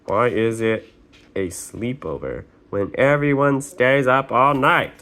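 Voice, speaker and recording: A man's voice: medium pitch, slow, fairly bright tone. A man reading a picture book aloud, playful and adding sound effects. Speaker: reader.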